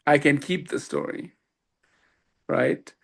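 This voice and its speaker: A man with a fairly high voice tells a personal story as a podcast guest. He is lively and laughs often, and he acts out each person's lines. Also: takes it slowly, vocal fry. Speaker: guest, swami.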